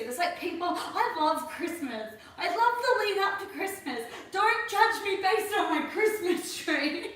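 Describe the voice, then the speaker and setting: This twenty-something Australian livestream host keeps things casual, laughing often as she reads out questions from viewers. Her high, fairly bright voice comes through a distant mic in an echoey room, off-mic, with slight background noise.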